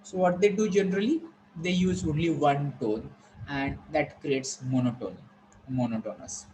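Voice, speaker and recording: Brief: a man playing an lecturer, higher voice, unhurried, repeats points, faint background noise. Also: a little mellow, poor audio. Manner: slow, repetitive explaining with frequent pauses. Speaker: teacher. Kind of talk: online classroom lecture.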